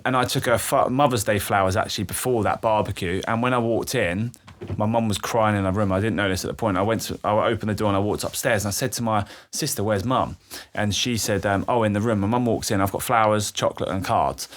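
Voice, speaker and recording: Young guy opening up on a podcast, low voice, sweary and raw, acts out what people said. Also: fairly quick. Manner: emotional, swears freely, acts out quoted voices. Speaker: guest. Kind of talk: candid personal storytelling.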